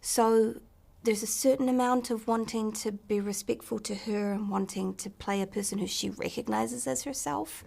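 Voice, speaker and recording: A woman with a New Zealand accent, an actress chatting in an interview, softly and often dropping to a near-whisper. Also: a little high, fairly even intonation, normal speed, gravelly, few pauses. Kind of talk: casual interview chat.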